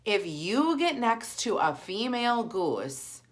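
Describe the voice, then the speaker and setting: A woman's voice: medium pitch, slow. Chatty woman telling a story. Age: 40s. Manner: animated, chatty, heavy use of "like". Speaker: vlogger. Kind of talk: casual storytelling while eating.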